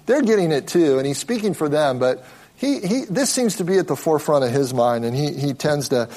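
A man teaching a Bible study in a relaxed, conversational way, explaining as he goes and often restarting his sentences. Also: fairly high pitch, a little fast.

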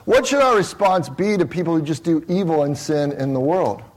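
Casual pastor preaching in a small church. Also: male voice, fairly high pitch, animated, normal speed. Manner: casual and conversational, many repeated restarts. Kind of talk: sermon.

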